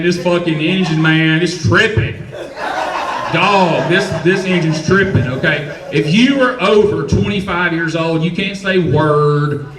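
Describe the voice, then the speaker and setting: A man's voice: a little high, far from the mic. A man in his forties with a Southern US accent doing a profane, rambling, self-mocking stand-up set on a comedy club stage. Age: 40s. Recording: roomy club sound from off-mic.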